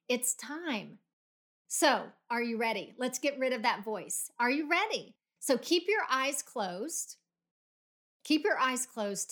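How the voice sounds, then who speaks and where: A middle-aged woman hosting a motivational podcast, guiding listeners through a visualization and leading them in emphatic spoken affirmations. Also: a little high. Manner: coaching, emphatic, builds to loud affirmations. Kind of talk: guided visualization pep talk.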